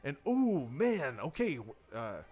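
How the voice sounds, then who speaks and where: A man's voice: on the high side, very animated, slow, a little mellow. A man on a livestream teaching how to write horror for tabletop role-playing games, talking loosely and conversationally and acting out players' reactions. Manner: loose and conversational, with many fillers and restarts. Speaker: tabletop game design teacher. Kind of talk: livestreamed workshop talk.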